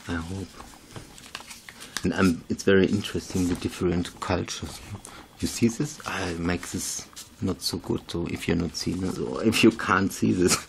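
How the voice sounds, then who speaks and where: A man's voice: low voice, vocal fry, a little hiss or hum. A man, chatting casually through a craft tutorial in broken English, rambling and laughing at himself. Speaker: video maker.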